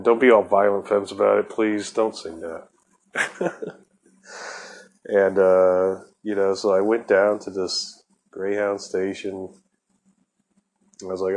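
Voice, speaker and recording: A man's voice: low voice, fairly even intonation, a little slow, long pauses, poor audio. A man hosting his own podcast, telling a personal story in a profane, laid-back way and laughing often. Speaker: podcast host. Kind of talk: casual storytelling.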